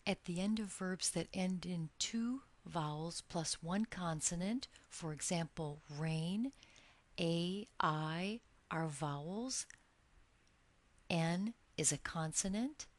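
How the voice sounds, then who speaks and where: Woman, grammar teacher, slightly low voice, very slow, deliberate, drawn-out example words. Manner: slow, deliberate, drawing out each example word. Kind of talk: recorded grammar lesson.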